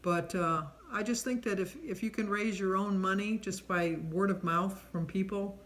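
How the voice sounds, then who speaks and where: A woman's voice: mid-range voice, steady tone, moderate pace, fairly bright tone. Chatty middle-aged woman rambling on camera. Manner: chatty and rambling, many ums. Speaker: vlogger answering a tag questionnaire. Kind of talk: casual chat.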